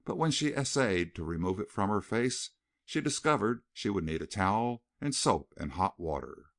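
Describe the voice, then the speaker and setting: A man narrating a western novel as an audiobook, reading in an expressive, dramatic way. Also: fairly low pitch, moderate pace. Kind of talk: scripted narration.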